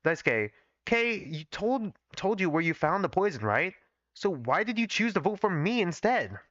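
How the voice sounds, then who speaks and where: An anxious young male student from a fan-fiction story pleads with a friend for the truth, as a man reads his part aloud. The delivery stays close to the reader's own slightly high voice, swinging in lively pitch, dry and muffled on a home mic. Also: moderate pace, dry recording. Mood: pleading. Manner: plain read-aloud delivery.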